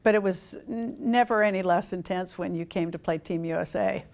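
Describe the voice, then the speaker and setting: A woman's voice: lowish voice, fairly quick, creaky, a little mellow. A woman hosting an interview, asking questions in a playful, teasing way. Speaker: interview host. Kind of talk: conversational interview.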